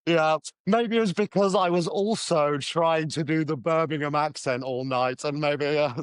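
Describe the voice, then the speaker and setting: A man with a high voice co-hosts a language podcast. He jokes quickly and pauses to spell out and explain words for listeners. The recording is close and dry. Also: clear, resonant tone, no echo. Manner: quick, laughing, explains vocabulary. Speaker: podcast co-host and English teacher. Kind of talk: casual chat.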